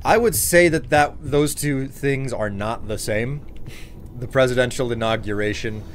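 A man's voice: medium pitch, measured pace, slight background noise. A man streaming live, chatting and joking with his viewers in a rambling way. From United States. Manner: joking, rambling, talks to chat. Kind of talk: casual live-stream chat.

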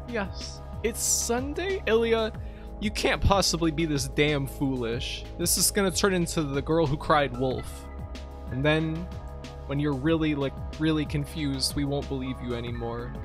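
A man streaming a game live, chatting casually with viewers, teasing them and reading menus aloud. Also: mid-range voice.

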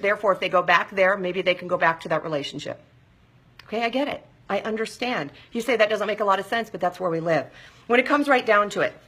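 A middle-aged woman talks straight to her listeners in a live motivational talk, pausing often to check they follow. Her voice is bright and forward, with a husky edge, and sits a little low for a woman. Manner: direct, coaching, with frequent check-ins to listeners. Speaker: weight-loss counselor hosting a live show.

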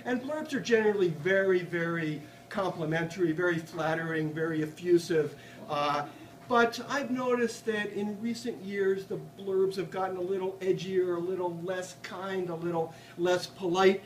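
A man giving a live poetry reading in a bookstore, with chatty, halting asides between poems read in a dry, deadpan way. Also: high-pitched, slight background noise. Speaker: poet reading his work. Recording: roomy audience recording from far off. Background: audience laughter.

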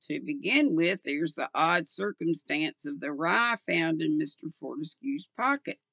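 An older woman voicing a male police inspector who questions quietly and pleasantly, read slowly with a gravelly tone. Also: sits low, lively intonation, dry recording, exaggerated voice. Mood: probing.

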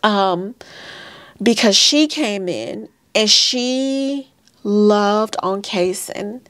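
A woman in her thirties tells her own painful story to her viewers, halting and emotional, calling them y'all. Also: medium pitch, a bit bright, dry recording. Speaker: vlogger sharing a birth story. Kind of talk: personal storytelling to camera.

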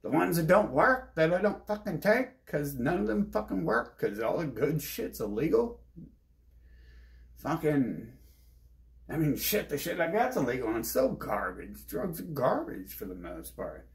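A man's voice: a little high, sing-song, unhurried, creaky. A man streaming alone, ranting in a restless, agitated way, swearing heavily and jumping from topic to topic. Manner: heavy swearing, restless, jumps between topics. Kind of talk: agitated rambling monologue.

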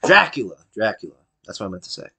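A man narrating his gameplay in a casual let's-play, with a lively, bouncing pitch. He talks to himself with jokey wordplay and bursts into shouting at his game character. He sounds excitable and self-amused. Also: fast, vocal fry, slightly rough. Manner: excitable, yelling at the game character between mumbled asides. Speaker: gameplay commentator.

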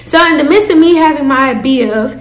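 A young woman telling a storytime to her viewers, animated and profane, calling them y'all. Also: high voice, fairly quick, reverberant. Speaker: storytime vlogger. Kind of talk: casual storytime.

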